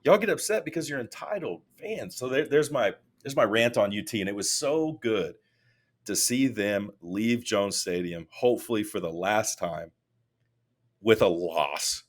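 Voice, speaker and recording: Deep low voice, man, animated storyteller, casual podcast chat. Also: unhurried. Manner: animated storytelling, rising into loud mock rants. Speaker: podcast co-host.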